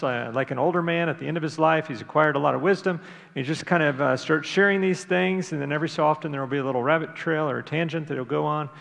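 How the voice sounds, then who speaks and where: A man, the pastor of his church, preaching a sermon in a conversational, unhurried way with frequent fillers and restarts. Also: a little high, creaky, a bit bright. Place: church sanctuary. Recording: long reverb of a large hall.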